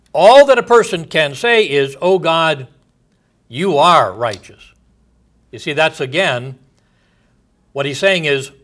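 Bright-voiced preaching pastor. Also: male voice, a little high. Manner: emphatic preaching, reading scripture aloud, with rhetorical questions. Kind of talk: sermon.

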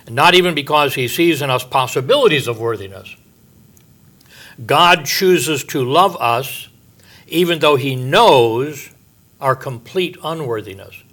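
An older man preaching a Bible-teaching sermon as a pastor, conversational and folksy, with homey asides, frequent fillers, and drawn-out stresses on key words. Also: mid-range voice, lively intonation, fairly bright tone.

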